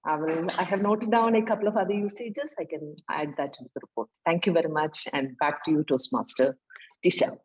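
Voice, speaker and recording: A woman giving a grammarian's report at a club meeting, halting now and then with fillers. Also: deep voice, dull audio.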